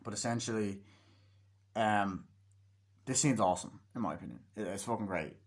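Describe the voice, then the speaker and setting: A man's voice: on the low side, moderate pace. A young man giving a casual movie review, rambling with plenty of swearing and acting out scenes as he retells them.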